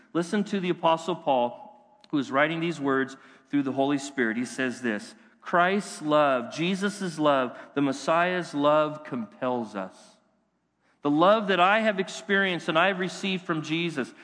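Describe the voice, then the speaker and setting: A middle-aged man preaching a sermon, building his voice up with passion and then dropping to hushed, quiet lines. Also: a little high. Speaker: pastor. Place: church sanctuary. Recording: reverberant church hall.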